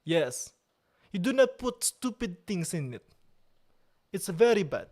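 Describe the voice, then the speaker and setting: Slow-talking playful man streaming live. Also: high-pitched, big pitch swings, darkish tone. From Italy. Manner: playful mock outrage, slow drawn-out delivery. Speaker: livestream host. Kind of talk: casual live-stream chat.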